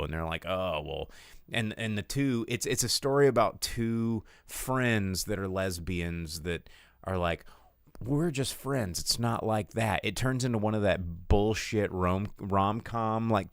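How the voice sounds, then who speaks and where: A man hosting a podcast, rambling through a crude, animated film review in casual chat. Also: lowish voice, moderate pace, clear, resonant tone, dry recording, clean studio sound.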